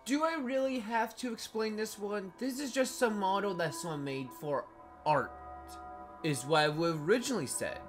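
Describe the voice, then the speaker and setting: Over background music, a woman delivers a casual commentary vlog at normal speed in a medium-pitched voice. As a video creator, she comes across as blunt and joking, casually swearing and rambling with frequent "likes."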